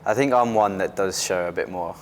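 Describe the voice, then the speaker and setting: Deep-voiced young man, openly animated. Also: a little fast, a little hiss or hum. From Britain. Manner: open and animated, restarts often. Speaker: interview guest, athlete. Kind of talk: casual interview chat.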